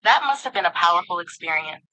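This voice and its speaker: A woman's voice: on the low side, animated, fast talker, bright, forceful tone, low-quality recording. A synthetic woman's voice of an AI assistant, speaking in a polished, upbeat and affirming way. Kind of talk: synthetic conversational assistant speech.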